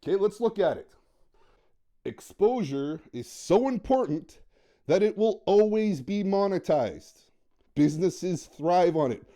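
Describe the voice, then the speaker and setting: Male dating coach, emphatic monologue, dark-toned, slightly high voice. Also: animated, unhurried. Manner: emphatic, repetitive, acts out quoted dialogue. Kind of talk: motivational monologue.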